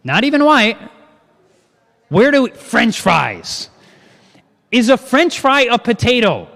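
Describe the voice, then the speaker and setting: A man with a high voice leads a live cooking class, lively and full of questions for his listeners. His voice rings out with a long reverb, as if he were in a church hall. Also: takes it slowly, vocal fry. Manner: lively, asks the audience questions.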